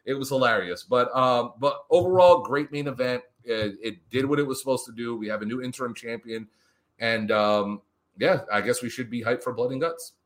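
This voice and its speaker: A man casually recapping a wrestling show on a podcast, animated and profane, acting out what the wrestlers said. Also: medium pitch, moderate pace. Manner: animated, profane, acts out quotes. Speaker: podcast co-host.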